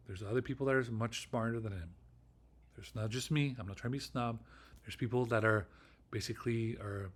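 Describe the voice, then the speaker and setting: A middle-aged man delivering a rambling solo vlog monologue, ranting, swearing often and repeating himself with frequent restarts. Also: mid-range voice. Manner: ranting, profane and repetitive, with restarts. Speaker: vlogger.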